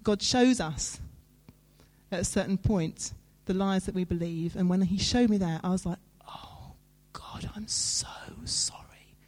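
A woman preaches in a warm, mellow voice. She talks to her listeners in an earnest, conversational way and leans on dramatic pauses. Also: on the low side. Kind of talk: sermon.

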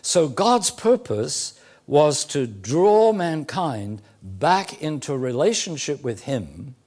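A man preaching a sermon, teaching slowly and deliberately with emphatic phrasing and occasional fillers. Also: on the high side, very animated, darkish tone. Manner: occasional throat clearing and "uh" fillers.

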